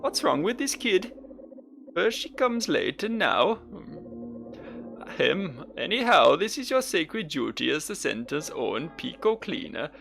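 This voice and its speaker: A man voicing a pompous male deacon figure in a game, with a slow, grandiose mock Caribbean lilt. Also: extremely high pitch, big pitch swings, fairly bright tone, soft background music, pitched above the performer's own voice, exaggerated voice. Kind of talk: game character voice.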